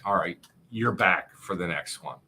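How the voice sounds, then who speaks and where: A man's voice: deep voice, moderate pace, bright, forceful tone, a little hiss or hum. A man with a South Jersey accent hosting a casual livestream, rambling, swearing and reading viewer comments aloud. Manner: rambling, profane, reads chat comments aloud.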